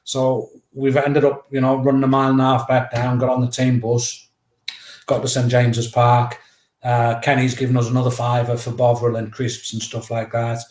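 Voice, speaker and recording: A middle-aged man, telling a story at a mid pitch in a lively, casual way and acting out each bit of dialogue. His voice carries a roomy echo. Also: normal speed. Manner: lively, anecdotal, acts out dialogue. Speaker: guest, memoir author.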